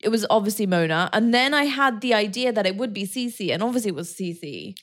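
A woman's voice: medium pitch, animated, brisk. Giggly young woman chatting. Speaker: podcast guest. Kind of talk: casual chat.

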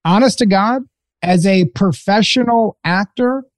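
A man's voice: sits high, a little slow, no room sound. Wry man co-hosting a podcast, dry sound. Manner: wry, mock-serious, paraphrases questions. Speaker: podcast co-host. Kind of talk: casual comedic chat.

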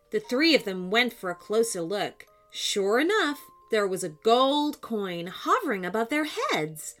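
Slow, lively woman storyteller. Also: on the high side, faint music behind. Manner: animated, expressive reading with sound effects. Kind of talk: children's story narration.

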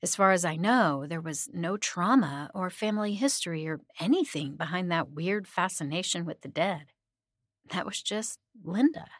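Soft-spoken woman narrating a horror story. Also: on the low side, no room sound, clean studio sound. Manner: soft-spoken, often dropping to a hushed whisper.

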